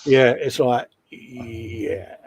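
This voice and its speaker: A man's voice: mid-range voice, breathy edge. A man co-hosting a live stream, casually chatting and reading out viewer messages with a jokey, laughing manner.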